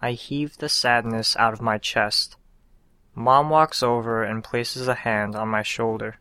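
A man reading his own short story aloud in a calm, unhurried storytelling manner. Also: medium pitch, smooth, dry recording. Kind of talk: scripted narration of a short story.

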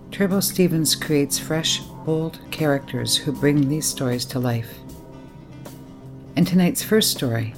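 Low-voiced woman hosting a story show. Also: darkish tone. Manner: measured, formal announcing. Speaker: radio story show host. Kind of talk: scripted introduction.

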